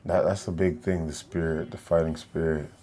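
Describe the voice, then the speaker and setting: A man's voice: extremely low pitch, little pitch movement, normal speed, mellow. A man, a boxer, talking in a laid-back, reflective way in a casual chat.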